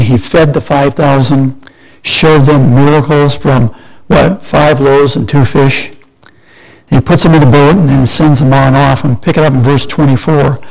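A man's voice: fairly high pitch, darkish tone, low-quality recording. An older man preaching a sermon in a conversational way, often asking and answering his own questions.

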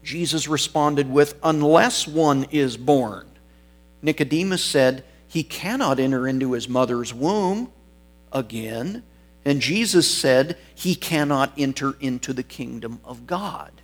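A man's voice: medium pitch, expressive, unhurried. A man preaching an expository sermon, reading scripture and stressing key words, once correcting himself mid-sentence.

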